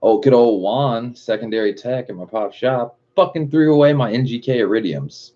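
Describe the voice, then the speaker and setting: Casual and full of profanity, this livestream host chats in a loose, rambling way, chuckling often and swearing nonstop. His voice is mellow and medium in pitch, with a moderate pace. There's a little hiss or hum over the dull, lo-fi stream audio.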